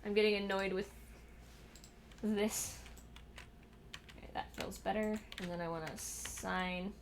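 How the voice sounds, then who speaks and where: A woman's voice: mid-range voice, fairly even intonation, measured pace, slight background noise. A young woman streaming a building game from her desk at home, muttering to herself and scolding her cat in exasperated asides. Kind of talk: casual livestream chat while building in a game. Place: home room at a computer.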